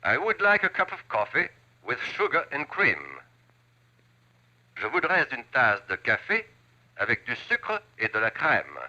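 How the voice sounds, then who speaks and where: An actor playing the voice on a language lesson record, who says each phrase slowly and precisely. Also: male voice, sits high, very animated, pushed and bright, lo-fi sound, full character voice. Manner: slow, precise enunciation.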